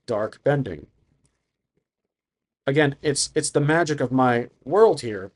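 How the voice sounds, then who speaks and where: A man's voice: medium pitch, lively intonation, takes it slowly. A man narrating a solo tabletop game, improvising and thinking aloud about the rules.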